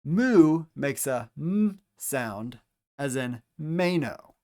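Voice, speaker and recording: A man teaching Greek pronunciation, speaking deliberately and repeating each letter and example word for the listener. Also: on the high side, lively intonation, a little mellow. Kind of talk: slow instructional pronunciation lesson.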